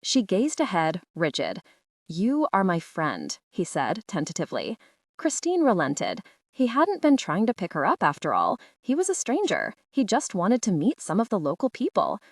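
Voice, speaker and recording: A woman narrating a literary short story audiobook in a measured, expressive storytelling manner. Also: mid-range voice, dry recording, clean studio sound.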